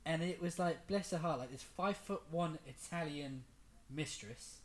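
A tattoo artist telling animated anecdotes in casual podcast chat, acting out quoted customers with lots of laughter and fillers. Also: medium pitch, moderate pace.

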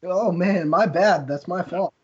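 Husky high-voiced joking man. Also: a little slow, dull audio. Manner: joking, crude. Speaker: podcast co-host. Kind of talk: casual banter.

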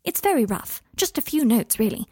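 A woman putting on an eager brisk young witch. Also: fairly high pitch, big pitch swings, mellow, husky, dry recording, studio quality, voice pushed up. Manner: quick, eager and precise, a little nervous. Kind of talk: storybook reading.

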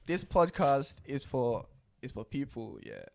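A man's voice: mid-range voice, wildly swooping pitch, unhurried, vocal fry, a loud crowd. Give me a young man chatting easygoing on a podcast. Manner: easygoing, echoes the others. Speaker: podcast co-host. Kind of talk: casual banter.

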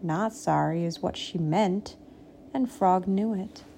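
A woman reading a picture book aloud, slow and expressive, giving the animals little voices. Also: lowish voice, gravelly, husky. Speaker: storybook reader.

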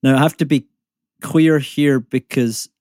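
A Scottish-accented climate economist and comedian in his thirties appears as a podcast guest, talking casually and poking fun at himself with many fillers and restarts. His medium-pitched voice is steady, unhurried and a little mellow, recorded cleanly in a studio with no echo.

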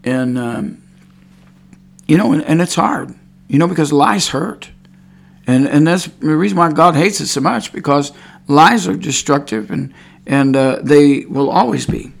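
A man with a highish, gravelly voice preaches in an expressive, unhurried way. The sermon is informal: he rambles, repeats words, and now and then grows fervent, crying out praise.

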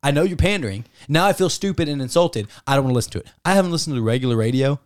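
A man's voice: mid-range voice, lively intonation, racing. A man ranting indignantly and profanely as a sports podcast co-host. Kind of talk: casual podcast rant.

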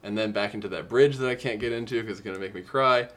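A man with a lower voice co-hosts a casual music podcast. He talks earnestly and emotionally, reading lyrics aloud and lingering on how sad the song is. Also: fast, fairly bright tone, a little hiss or hum. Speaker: podcast co-host. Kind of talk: casual music review chat.

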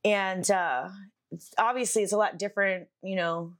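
A young woman co-hosting a podcast speaks at a normal speed in a steady, mid-range voice. She tells a loose, rambling story in casual chat, heavy on fillers and swearing.

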